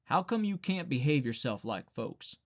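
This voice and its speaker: A man's voice: medium pitch, very animated, moderate pace. A man voicing Luster, a restless, bossy Southern teenage boy with a drawling, scolding way of talking, in an audiobook reading.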